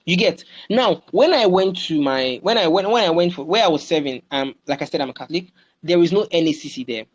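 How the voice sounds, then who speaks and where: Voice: medium pitch, animated, brisk. Young nigerian speaker giving a pep talk over a webinar, keeps asking "you get", kinda muffled lo-fi sound. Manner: repeats phrases, keeps checking in with listeners.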